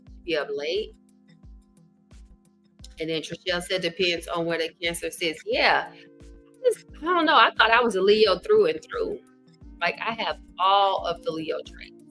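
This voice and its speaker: Woman host from Arkansas, folksy and animated, bright tone; live chat with viewers. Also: on the low side, measured pace, pauses often, soft background music. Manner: chatty, reads viewer comments aloud; animated, folksy, says y'all. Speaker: livestream host. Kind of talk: casual livestream chat.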